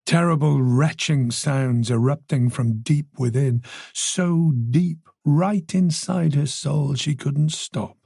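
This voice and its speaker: A man narrating a thriller audiobook in a taut, measured way. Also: medium pitch, creaky, mellow, slightly rough, no echo, clean studio sound.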